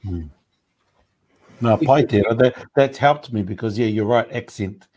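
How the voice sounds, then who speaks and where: A man talking in a relaxed, thoughtful way during a casual discussion, pausing often with fillers. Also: medium pitch, a little hiss or hum. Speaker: panel speaker.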